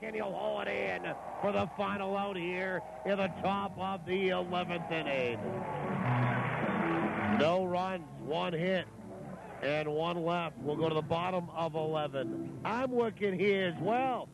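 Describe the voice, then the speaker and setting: A man doing live play-by-play for a baseball game on the radio, calling each pitch in a steady, matter-of-fact way. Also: vocal fry. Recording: noisy ballpark ambience.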